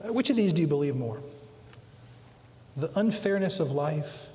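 A middle-aged man preaching a sermon as pastor, acting out quotes dramatically and swinging between loud emphatic peaks and quiet low lines. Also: lively intonation, moderate pace, a little hiss or hum. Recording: long hall reverb.

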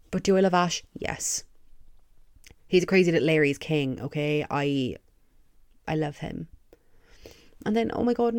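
A young woman pours out excited, swear-laden praise in a casual podcast monologue. Her voice sits a little low for a woman and sounds close and dry, with no room around it. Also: smooth, dry recording. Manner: gushing, excitable, heavy swearing. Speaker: podcast host. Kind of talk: casual fan review monologue.

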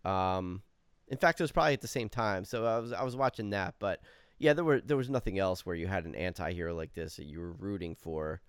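A man co-hosting a podcast, talking through a TV show in an opinionated, animated way and swearing freely. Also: deep voice, fairly quick, clean tone, no room sound, studio quality. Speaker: podcast co-host. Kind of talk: casual chat discussing a TV show.

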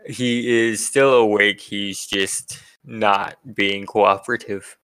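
Gravelly bright-voiced game master. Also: male voice, fairly low pitch, fairly even intonation, slow. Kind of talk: narrating a tabletop game.

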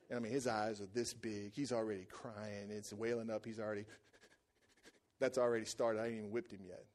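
Speaking a little fast, this man delivers a sermon as a pastor, spinning jokey, casual stories. He moves from loud, excited highs down to quiet, low passages.

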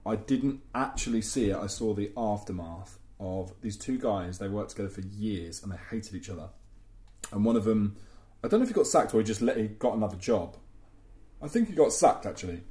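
A man's voice: fairly low pitch, warm tone, reverberant. A young man, a podcast host, telling workplace anecdotes with swearing and laughter. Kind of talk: casual storytelling chat.

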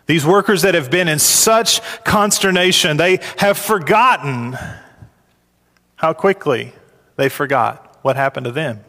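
A man preaching a sermon, his voice climbing high and loud when he acts out complaining workers. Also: unhurried, long reverb tail. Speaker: pastor.

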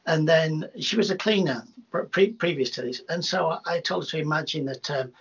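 A man with a gravelly, husky voice pitched a little high tells his stories in a rambling, lively way, restarting often. The recording is dull and lo-fi. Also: moderate pace. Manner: rambling, animated anecdotes with many restarts. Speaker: hypnotherapist guest. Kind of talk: casual storytelling in an interview. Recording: dull lo-fi sound.

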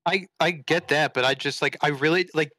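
A man's voice: fairly high pitch, normal speed, bright, forceful tone, no echo, clean studio sound. A young man co-hosting a casual podcast chat, amused and blunt in short remarks. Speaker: podcast co-host.

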